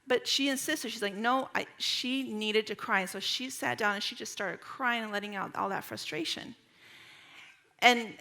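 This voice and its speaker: Bright-voiced woman telling a story. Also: mid-range voice. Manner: earnest, storytelling, acts out quoted voices. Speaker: speaker at a church retreat. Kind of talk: conversational talk with personal story.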